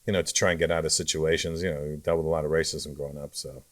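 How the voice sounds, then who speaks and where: A middle-aged man, a comedian guest, telling stories in a relaxed way with dry jokes in a casual interview chat. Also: a bass voice, very fast.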